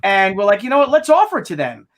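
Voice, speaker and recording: A man's voice: sits high, sing-song, fast talker. An American man hosting a casual crowdfunding update, rambling and joking, often stumbling over his words. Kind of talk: casual chat.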